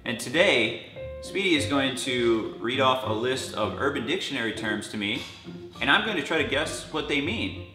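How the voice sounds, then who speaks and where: A man's voice: medium pitch, lively intonation, moderate pace. A man hosting casual comedic chat, joking and rambling as he guesses the meanings of slang terms. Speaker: channel host guessing slang. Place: friend's home with dogs. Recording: echoey room with faint music.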